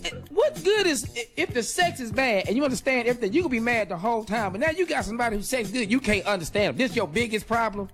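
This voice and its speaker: A man's voice: very high-pitched, animated, fast talker, few pauses, a bit bright. A man hosting a radio show, giving joking advice in loose, repetitive banter. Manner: loose, joking, repeats punchlines. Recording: music playing under the voice.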